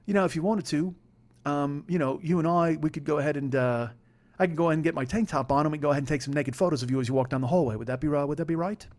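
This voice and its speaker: A man's voice: a little high, racing, a little mellow, close to an everyday voice. A man putting on an English accent to voice a polite, friendly man in a comedy podcast story. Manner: mild and friendly, chatty.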